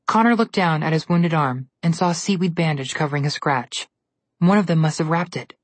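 Breathy woman reading a storybook aloud. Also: low voice, brisk, dry recording. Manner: steady, clear storytelling, with voiced characters. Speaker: narrator.

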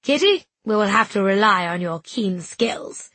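A woman voicing an unflappable choir mistress who speaks jauntily and with brisk confidence. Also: medium pitch, animated, a bit bright, dry recording. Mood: jaunty.

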